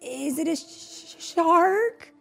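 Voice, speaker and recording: A woman's voice: extremely high pitch, a little slow, vocal fry, soft background music, voice pushed up, full character voice. A woman voicing a nervous young male fish who stammers, in a bedtime storybook reading.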